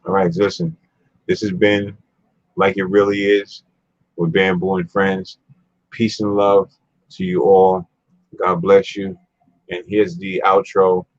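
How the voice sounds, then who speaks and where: A man's voice: deep voice, level tone, slow pace, long pauses, dry recording, highs cut off. A man hosting a casual talk show, rambling and laid-back, often repeating himself. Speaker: show host.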